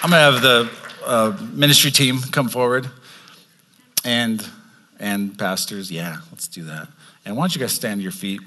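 A man's voice: mid-range voice, normal speed, sharp tone, long reverb tail, a little hiss or hum. A man in the role of pastor, earnestly encouraging the congregation as he closes the service. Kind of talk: sermon wrap-up.

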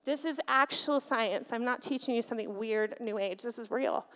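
Woman preaching a sermon, kinda high voice, lively, lots of questions at the crowd, reverb from the church hall. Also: normal speed. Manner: animated, asks the congregation questions. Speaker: pastor. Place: church sanctuary.

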